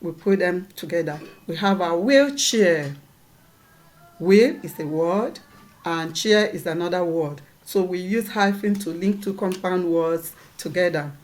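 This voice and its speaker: A woman's voice: on the low side, a little slow, a little mellow. A woman teaching a lesson, patiently repeating points and checking that her students follow. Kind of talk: classroom lesson.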